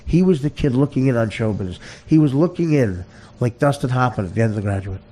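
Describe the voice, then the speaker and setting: A man hosting a podcast, launching into a profane comedic rant that swings between loud shouted bursts and low muttering, with stammered restarts. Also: lively intonation, quick pace. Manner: heavy cursing, repeats and stammers. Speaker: podcast host.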